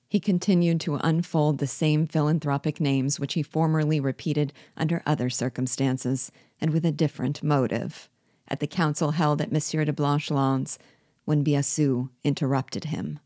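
A woman reading a classic novel aloud in a measured, steady way. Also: deep voice, no echo, clean studio sound. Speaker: book reader and guide.

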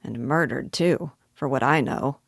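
A woman's voice: very deep voice, a little slow, gravelly, husky, dry recording, clean studio sound, full character voice. A woman voicing a sullen, defensive village man who mutters.

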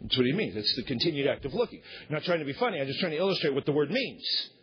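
A pastor preaching a sermon, emphatic, swinging between loud shouted points and low quiet asides. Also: male voice, animated, racing, breathy edge, muffled recording.

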